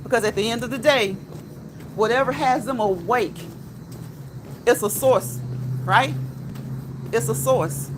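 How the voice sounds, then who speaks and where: A woman with a high voice talks casually to her live viewers as she walks outdoors, reading their comments aloud. She repeats herself and keeps checking in with "okay?" and "right?". Cars and a passing train are plainly heard around her on the street. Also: measured pace, long pauses. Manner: chatty, repeats phrases, ends lines with "okay?" and "right?". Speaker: live-stream host. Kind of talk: casual live-stream chat while walking. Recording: outdoor street with traffic noise.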